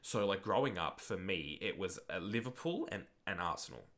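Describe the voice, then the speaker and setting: A man's voice: sits low, big pitch swings, moderate pace, a bit bright. Tired, rambling young man. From Australia. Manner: rambling, swears casually. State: tired, late at night. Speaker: livestreamer hosting a football watch-along. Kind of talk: casual stream chat, reading viewer questions.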